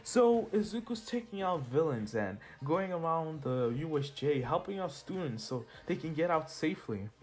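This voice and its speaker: A man's voice: fairly high pitch, very animated, normal speed, hardly any pauses. A man casually telling a made-up fan story, rambling, correcting himself and laughing at his own slips. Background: soft lofi music.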